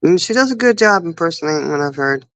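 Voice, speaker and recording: A woman's voice: fairly low pitch, animated, fast talker, a bit bright, no room sound, rough recording. A woman co-hosting a casual livestream chat, telling stories and laughing often. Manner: giggly storyteller, laughs often. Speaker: livestream co-host.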